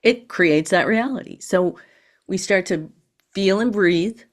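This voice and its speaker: A woman guest on a podcast, explaining in a measured, teacherly way and acting out quoted thoughts. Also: mid-range voice. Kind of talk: calm explanatory conversation.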